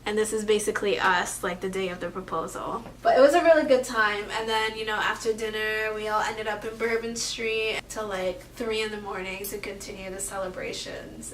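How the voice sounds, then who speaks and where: A woman in a casual vlog, telling an emotional story expressively and often trailing off softly. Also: mid-range voice, fairly even intonation, fairly quick, hardly any pauses, far from the mic, slight background noise. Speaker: vlogger. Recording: echoey room, camera mic from afar.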